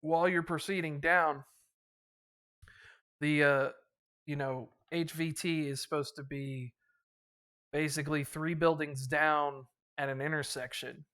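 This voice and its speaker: A man narrates a military tabletop campaign as game master, rambling through the scene with plenty of fillers. His voice sits a little high and comes across smooth and clear. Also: steady tone, measured pace, long pauses, pushed and bright. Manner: rambling with many fillers, voicing officers briefly.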